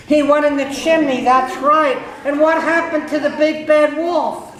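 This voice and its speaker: A man's voice: extremely high pitch, fairly even intonation, a little slow, fairly bright tone. A man telling a story to children in a playful manner, asking his listeners questions, heard in an echoey room with listeners around.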